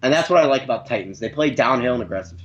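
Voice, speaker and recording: A man co-hosting a live game reaction, giving loud, opinionated takes on the plays. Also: medium pitch, very fast, lo-fi sound. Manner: lively, opinionated about plays. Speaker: guest co-host. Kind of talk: casual game reaction chat.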